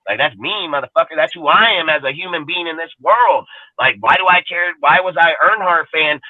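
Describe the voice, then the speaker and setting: A man's voice: a little high, a little fast, no echo. A man hosting a live sports fan show, ranting bluntly with constant swearing from inside a parked car. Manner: blunt, heavy swearing, repeats "bro" and "dude". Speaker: podcast host. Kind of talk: profane fan rant on a live stream. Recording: dry, tinny phone-quality audio.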